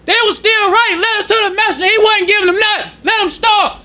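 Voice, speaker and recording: A man preaches to his congregation in a strikingly high voice. His tone is bright and sharp, and his delivery is loose and conversational. He slows down deliberately whenever he reads a passage aloud. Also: fairly even intonation. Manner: preaching in casual street-level speech, slowing to read quoted passages. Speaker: minister. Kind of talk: sermon teaching. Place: temple congregation hall.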